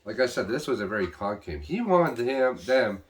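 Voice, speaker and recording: A man casually recapping an episode, rambling with restarts and quickly paraphrasing what the characters say. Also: medium pitch, sing-song. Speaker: show reviewer.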